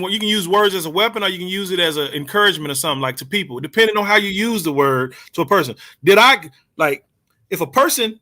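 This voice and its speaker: A man telling a story in casual chat, animated and laughing, sometimes searching for words. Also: high voice. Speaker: co-host.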